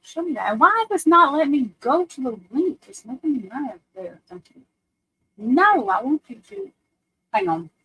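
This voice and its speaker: Woman host, casual livestream chat, higher voice, rambling and self-mocking. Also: sing-song, a little slow, sharp tone, slight background noise, rough recording. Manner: chatty, self-deprecating, talks to viewers and her computer.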